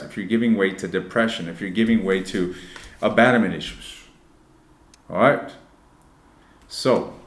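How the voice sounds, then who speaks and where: Blunt, cursing male tarot reader. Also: on the low side. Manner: blunt and profane, addresses viewers directly; shifts between joking asides and earnest advice. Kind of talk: casual tarot reading to camera. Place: indoor room. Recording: roomy echoey room.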